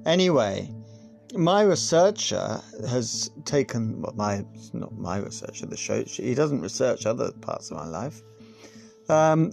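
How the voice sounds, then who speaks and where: A male podcast host talking through a comic political monologue, sarcastic and sweary, wandering into asides. His voice is gravelly and his pitch jumps around a lot. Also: a little mellow.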